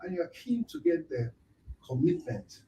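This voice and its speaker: A man's voice: on the high side, big pitch swings, normal speed, dark tone, a little hiss or hum. A man speaking in a formal address, heard in a played clip. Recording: roomy, distant clip.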